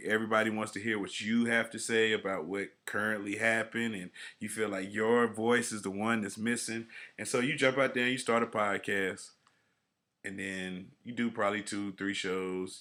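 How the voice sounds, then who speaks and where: Laid-back bright-voiced podcast host man. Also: on the low side, flat delivery, normal speed. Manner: laid-back, rambling with many fillers. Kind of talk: casual podcast chat.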